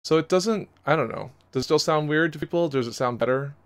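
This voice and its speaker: A man's voice: a little high, a little fast, clean tone. A man streaming a game live, chatting casually into a desk microphone in a rambling, self-deprecating way. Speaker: gaming streamer. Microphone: USB desk microphone.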